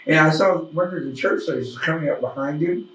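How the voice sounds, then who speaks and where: Folksy host with a cough. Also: male voice, on the high side, a little fast, a bit bright. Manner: folksy, self-deprecating, many "right"s. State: coughing, a little hoarse. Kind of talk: casual interview chat. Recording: echoey room, mic at a distance.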